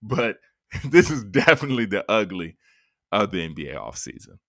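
A man hosting a sports podcast, talking casually and with strong emphasis. His pitch swings widely from line to line. The sound is dry and close, with no room echo. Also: moderate pace, gravelly. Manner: animated, emphatic, laughs easily.

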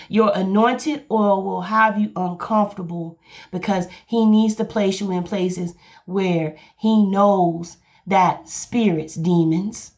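A woman with a Southern US accent and a medium-pitched voice preaches passionately as a pastor on a podcast sermon, repeating her points. The audio sounds dull.

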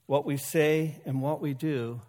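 A man's voice: on the high side, fairly even intonation, measured pace, mellow. Folksy preaching man in a reverberant hall. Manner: folksy and conversational, with humor and asides to the congregation. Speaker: pastor. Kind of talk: sermon. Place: church sanctuary.

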